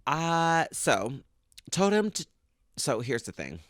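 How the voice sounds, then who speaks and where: A man's voice: fairly high pitch, very animated, slow, fairly bright tone, no echo. A man co-hosting a podcast in casual chat, tossing in teasing quips and reactions, recorded on a studio mic. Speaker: podcast co-host.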